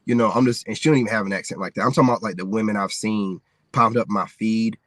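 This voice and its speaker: A man's voice: on the low side, steady tone, fast talker, fairly bright tone, dry recording, clean studio sound. An American man ranting candidly on a livestream, rambling and peppering his talk with "man" and "you know what I'm saying.". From United States. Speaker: livestreaming content creator. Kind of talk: casual livestream rant.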